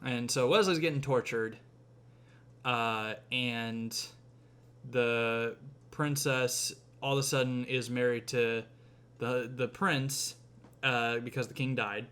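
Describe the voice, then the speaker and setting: Bright-voiced young guy retelling a movie. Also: mid-range voice, fairly even intonation, slow, smooth. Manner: rambling, acts out quotes, frequent fillers and cursing. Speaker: podcast host. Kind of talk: casual chat retelling a film plot.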